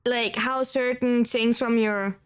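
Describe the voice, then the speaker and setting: A woman's voice: a little high, steady tone, takes it slowly, clean tone. A woman from Germany with a German accent, streaming and chatting casually, rambling and filling her talk with "like" as she answers chat. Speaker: livestreamer.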